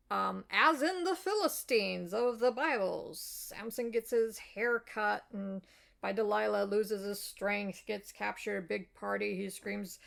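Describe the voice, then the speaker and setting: A woman's voice: mid-range voice, unhurried, vocal fry, fairly bright tone. A woman explaining history in a casual, rambling way, with many ums, uhs and apologetic asides. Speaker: video essayist.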